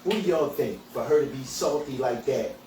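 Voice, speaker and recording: Speaking at a normal speed with a warm, mid-range voice, the hemp dispensary owner who hosts this podcast rants angrily, bluntly and profanely. Slight background noise and faint ambience come through, and his voice sounds distant in an echoey space.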